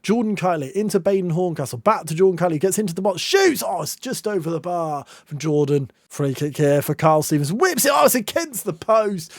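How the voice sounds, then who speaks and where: Excitable young man, high voice. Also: a little fast, hardly any pauses, dry recording, clean studio sound. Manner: excitable, mock match commentary with groans and shouts. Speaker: gaming YouTuber. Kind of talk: football management game commentary.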